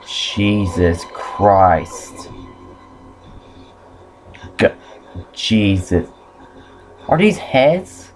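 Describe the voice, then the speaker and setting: A man's voice: lowish voice, sing-song, drawn-out words, long pauses. A young man commenting on a horror game playthrough, swearing often and yelping when startled. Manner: swears a lot, jumpy and startled. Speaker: gamer.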